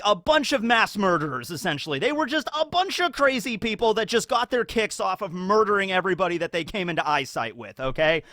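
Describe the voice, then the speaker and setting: A man with a high, bright voice delivers a casual anime commentary monologue as host of his channel. He is excitable and keeps tagging his points with "okay?". The sound is dry and close, with no room around it. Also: dry recording. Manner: excitable, tags sentences with "okay?". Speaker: YouTube host.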